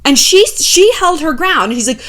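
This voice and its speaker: Animated, profane woman vlogger. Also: high-pitched, moderate pace. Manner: animated, profane, chatty with filler 'like'. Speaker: YouTuber commentator. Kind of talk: casual commentary vlog.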